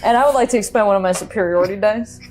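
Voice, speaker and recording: A woman playing a tabletop game, joking and excitable as she calls her attacks. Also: mid-range voice, rapid-fire, soft background music, low-quality recording. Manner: excitable, giggly banter. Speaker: player. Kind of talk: casual tabletop play.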